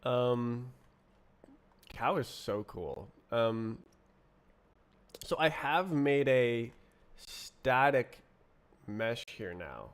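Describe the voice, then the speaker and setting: A man streaming himself writing code, muttering to himself, puzzled and halting, with keyboard typing behind him. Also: mid-range voice, expressive, clear, resonant tone. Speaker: streamer coding live. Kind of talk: casual livestream coding chat.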